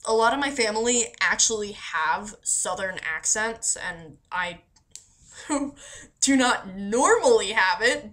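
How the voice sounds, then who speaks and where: A woman from Florida with a medium, slightly bright voice chats her way through a voice meme questionnaire as a vlogger. Her casual, rambling monologue is self-deprecating, full of laughter, with the occasional swear.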